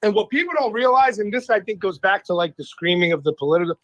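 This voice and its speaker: Man, radio guest, high voice, animated, swears freely, dry studio sound. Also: fast talker, dry recording, dull audio. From Boston area. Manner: animated, profane storyteller. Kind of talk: casual radio talk.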